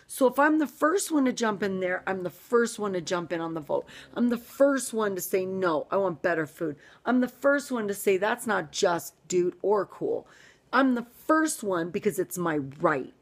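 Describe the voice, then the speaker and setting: A woman's voice: medium pitch, expressive, normal speed. Fired-up middle-aged American woman, ranting vlogger, emphatic, voice swoops up and down. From United States. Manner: fired-up, emphatic, jumps between loud and hushed. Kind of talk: ranting vlog monologue.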